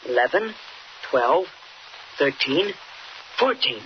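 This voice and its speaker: A man's voice: mid-range voice, expressive, slow pace. Jimmy Olsen, an eager boy reporter. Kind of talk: 1940s radio acting. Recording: dull old radio recording with hiss.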